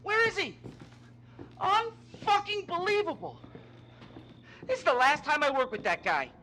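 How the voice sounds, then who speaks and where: A man's voice: very high voice, huge pitch swings, unhurried, sharp tone, exaggerated voice. An actor playing a crude, sarcastic male TV host in a video game, swearing freely. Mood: agitated. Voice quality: sarcastic, profane. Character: brash crude male TV host, middle-aged. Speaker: TV show host.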